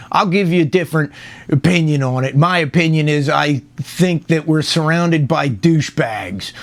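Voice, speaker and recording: Gravelly high-voiced man ranting. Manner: rambling, irreverent, with restarts and profanity. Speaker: host of a rant video. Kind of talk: casual opinion rant.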